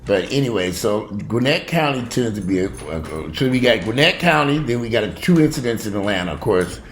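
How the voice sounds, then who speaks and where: A low-voiced man talks through local news in a chatty, wandering way, cursing as he goes. His voice swings widely in pitch. The home recording is noisy, with dogs barking and whimpering in the background. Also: lively intonation, normal speed. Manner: chatty, digressive, swears freely. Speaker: news commentary vlogger. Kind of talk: casual news commentary vlog.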